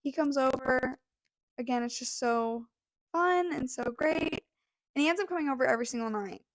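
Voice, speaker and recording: A young woman with a fairly high voice tells a story on a podcast, gushing and emotional, with lots of fillers. She sounds close to tears. The recording is close and dry. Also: normal speed, dry recording. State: near tears. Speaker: podcast co-host. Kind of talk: casual storytelling chat.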